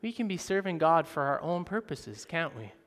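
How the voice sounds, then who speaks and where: A man preaching a sermon, moving between soft, slow passages and loud, emphatic ones. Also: a little high, sing-song. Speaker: pastor. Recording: reverberant hall.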